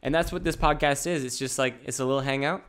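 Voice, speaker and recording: A man's voice: mid-range voice, fast, a bit bright, smooth. Solo podcast host, male, rambling, jokey and laid-back, mid-range voice. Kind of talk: casual solo podcast monologue.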